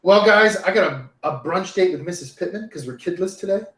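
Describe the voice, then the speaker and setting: High-voiced man from the northern US, loud, playful, echoey with faint noise. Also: lively intonation, brisk. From northern United States. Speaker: podcast co-host. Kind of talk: casual chat.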